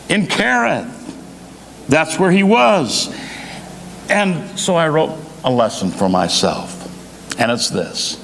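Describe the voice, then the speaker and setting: A man preaching a sermon as associate pastor, emphatic, with dramatic pauses between phrases. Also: medium pitch. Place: church sanctuary. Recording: reverberant church hall, faint noise.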